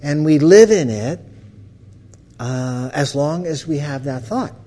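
A man with a fairly high voice gives a storytelling talk as a counselor. He talks in a lively way, breaking off and restarting his phrases. He laughs now and then as he goes. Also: slow pace. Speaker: counselor teaching the principles.

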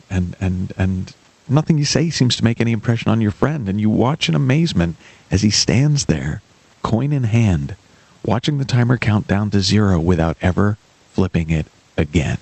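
A male radio host with a gravelly edge and a lively, swooping delivery. He tells a story with emphasis and acts out its characters. The sound is dry and close, as if from a studio booth. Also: on the low side, moderate pace, dry recording. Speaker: radio show host and life coach. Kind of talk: radio call-in show monologue.

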